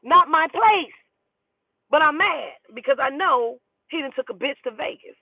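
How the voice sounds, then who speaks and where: A woman who does spiritual readings, telling a story in a casual, profane and animated way. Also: high-pitched, moderate pace, gravelly. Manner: profane, animated, talking to herself aloud. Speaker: spiritual reader. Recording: tinny phone-like dry audio.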